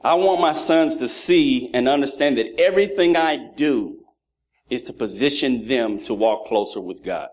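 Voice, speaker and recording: A man's voice: mid-range voice, moderate pace. A man in his thirties preaching a sermon, mixing funny stories about his sons with lessons on fatherhood. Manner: animated, acts out voices of his children. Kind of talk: sermon with humorous family stories.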